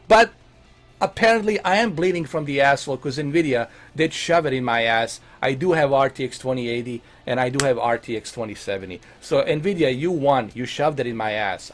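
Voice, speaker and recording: Blunt, animated man ranting casually. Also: mid-range voice, brisk, faint music behind. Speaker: host answering viewer questions. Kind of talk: casual Q&A on tech and games.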